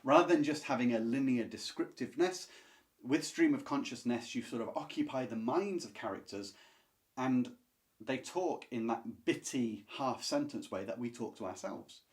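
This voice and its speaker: A man reviews classic books to camera in a casual, enthusiastic, chatty way, full of asides and restarts. His voice is mid-range and he speaks at normal speed.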